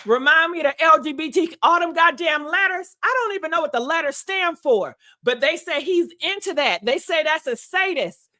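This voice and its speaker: A woman's voice: extremely high pitch, bright, forceful tone. A woman hosting a gossip livestream, brash and profane, talking in a casual style and calling viewers honey and baby.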